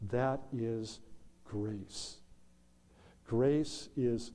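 A man preaching a sermon as pastor, slow and deliberate, with emphatic pauses. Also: medium pitch, mellow. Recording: long hall reverb.

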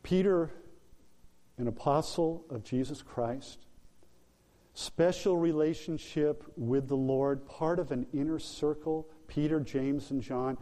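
A man's voice: fairly high pitch, takes it slowly, mellow, long reverb tail. A man preaching a sermon as pastor, talking informally with fillers and restarts. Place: church sanctuary.

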